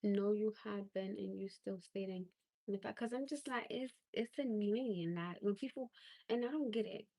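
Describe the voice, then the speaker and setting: With a mid-range, dark-toned voice at normal speed, a livestream host rants casually, sounding blunt and fed up. Her disbelief keeps rising as she hammers her points, and there's no echo.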